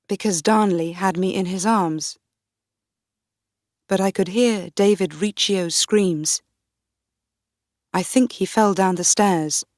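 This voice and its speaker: A woman narrating a first-person story for English learners in a clear, measured way. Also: medium pitch, a little mellow, dry recording, clean studio sound. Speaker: audiobook narrator.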